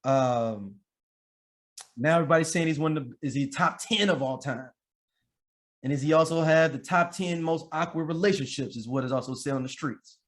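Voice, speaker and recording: A man's voice: a little high, moderate pace. A man co-hosting a casual chat podcast, laid-back and joking, with lots of fillers and repeated words. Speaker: podcast co-host.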